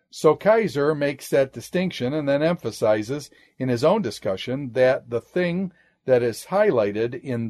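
Methodical male Bible lecturer. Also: a little mellow. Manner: methodical, says "quote" and "end quote" around every citation; drops pitch and volume on each "end quote". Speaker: Bible teacher.

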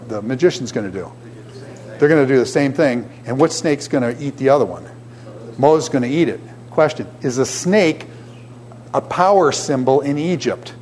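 Lively male lecturer questioning his class. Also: a little high. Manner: animated, asks the class questions. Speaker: teacher.

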